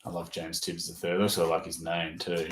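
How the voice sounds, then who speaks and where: Speaking fairly quickly in a low monotone, an Australian man narrates his card openings casually, rattling off player names and brightening at strong pulls. There's a roomy echo plus a little hiss or hum.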